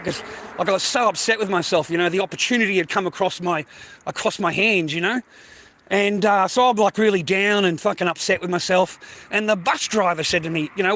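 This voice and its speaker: Older Australian bloke hosting a livestream, high and bright voice, foul-mouthed casual rambling, faint noise behind. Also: male voice. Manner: swears constantly, calls listener mate and bro. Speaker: livestream host. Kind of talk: casual rambling monologue to viewers.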